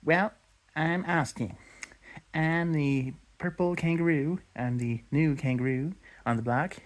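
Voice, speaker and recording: A man voicing a goofy purple kangaroo toy who talks in an awkward, deadpan way. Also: on the high side, takes it slowly, pitched above the performer's own voice.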